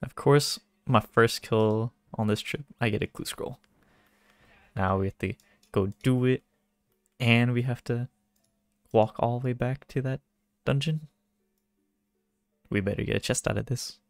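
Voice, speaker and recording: A man chatting casually through his own gameplay, self-mocking and quick to get excited. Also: medium pitch, creaky, no room sound, studio quality. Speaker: gaming video creator. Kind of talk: casual game commentary.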